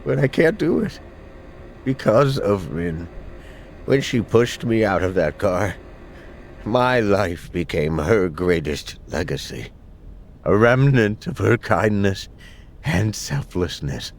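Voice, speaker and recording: An actor playing a guilt-ridden older widower in a game, speaking a slow, somber confessional monologue. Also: male voice, fairly low pitch, lively intonation, slight background noise. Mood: despairing. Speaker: game character narrating. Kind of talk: game narration.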